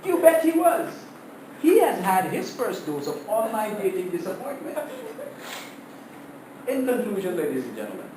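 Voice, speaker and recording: A man giving a prepared humorous speech to his class, telling stories in an animated way and laughing at his own jokes, heard from across a classroom. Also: high-pitched, echoey room, far from the mic, background noise.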